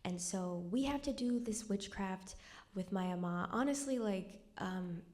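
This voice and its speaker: A young woman stands before a live audience and tells a personal story. She is wry and conversational, and her voice sinks to a near whisper at the heavy moments. Her pitch sits in the middle of the usual range for a woman. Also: measured pace, a little mellow. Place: cultural center stage before an audience.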